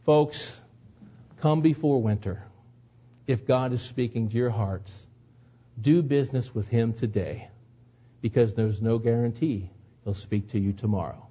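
A man's voice: mid-range voice, unhurried, pauses often, dark tone, slightly rough, dull audio. A man preaching a sermon, telling a personal story in an earnest way that builds to emotional moments. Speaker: pastor.

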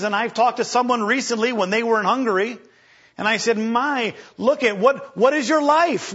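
A man preaching an animated sermon, acting out scripture voices and stammering for effect. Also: very high voice, slightly rough. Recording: dull lo-fi recording.

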